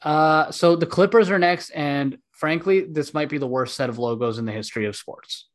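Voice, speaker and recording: Podcast host, man, emphatic, opinionated, a bit higher voice. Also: moderate pace. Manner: opinionated, emphatic, repeats points. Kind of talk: casual chat.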